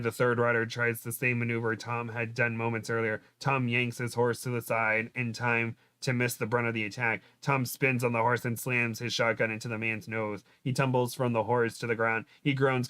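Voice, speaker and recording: A man's voice: mid-range voice, little pitch movement, moderate pace, few pauses, sharp tone, clean tone, dry recording. A man hosting a show, reading a book aloud dramatically and breaking off for joking asides. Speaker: host. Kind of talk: comedic read-aloud of a book.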